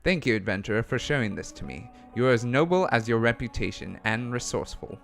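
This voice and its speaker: A man's voice: medium pitch, lively intonation, fast, gravelly, a bit bright, soft background music. A man voicing a courteous elderly male village elder in a put-on Australian accent that leans New Zealand. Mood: formal. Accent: put-on Australian, closer to New Zealand. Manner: stately, welcoming read-aloud dialogue.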